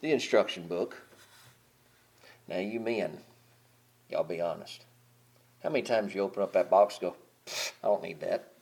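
A man preaching a sermon as pastor, building to loud, impassioned peaks and dropping to quiet, conversational asides. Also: sits low, normal speed, long pauses.

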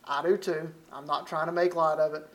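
A man with a Southern accent, from Alabama, preaches in a loose, folksy sermon voice. His voice sits fairly high for a man. He talks like a visiting preacher chatting with the congregation, often stopping to rephrase himself. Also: fairly even intonation, brisk. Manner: folksy, conversational preaching with frequent restarts.

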